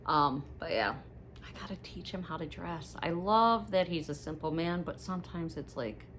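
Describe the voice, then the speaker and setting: A middle-aged woman chatting casually to viewers in a haul video, rambling and gossipy with lively asides. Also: sits low, moderate pace, a little hiss or hum. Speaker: haul vlogger.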